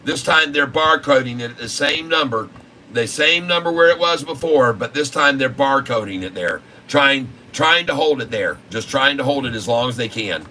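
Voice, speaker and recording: A man's voice: mid-range voice, lively intonation, moderate pace, pushed and bright, slight background noise, low-quality recording. A man commenting live on a stock chart as a day-trading streamer, stressing each point by saying it again in slightly different words. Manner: emphatic, repeats phrases for stress.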